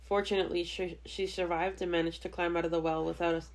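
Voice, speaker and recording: A woman's voice: fairly low pitch, level tone, fast talker. Matter-of-fact woman recounting a case. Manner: matter-of-fact, dry humor. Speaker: podcast host telling a true-crime case. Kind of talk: casual true-crime storytelling.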